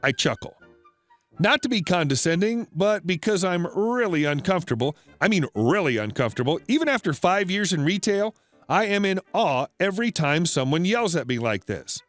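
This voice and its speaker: A man narrating an internet story in a plain, even storytelling delivery. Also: high-pitched, normal speed, no room sound, faint music behind.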